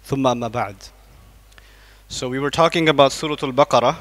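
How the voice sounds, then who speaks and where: A man's voice: medium pitch, fairly even intonation, racing. A man giving a lecture to a live audience in a large mosque hall, quizzing the listeners with repeated questions. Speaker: Islamic lecturer. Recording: long echo of a mosque hall.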